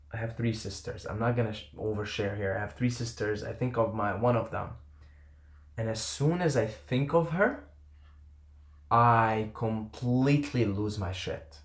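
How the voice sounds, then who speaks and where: A man's voice: fairly low pitch, fairly bright tone. A man telling a personal story to camera in a casual, earnest and intense way, often trailing off and swearing. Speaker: vlogger. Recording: roomy echo.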